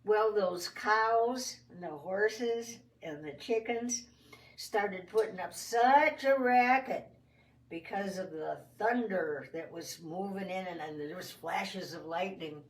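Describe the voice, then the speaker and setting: A woman telling a children's story in a folksy, expressive first-person way. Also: medium pitch, takes it slowly, recorded from a distance. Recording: roomy sound from off the mic.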